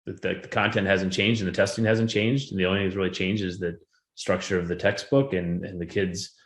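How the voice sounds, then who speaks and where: A man with a low, gravelly voice gives a relaxed, conversational talk to a conference audience. He speaks like an educator sharing his classroom experience. The sound has a noticeable room echo. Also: fairly quick. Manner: conversational, animated when retelling anecdotes. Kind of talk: conference presentation. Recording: roomy echo.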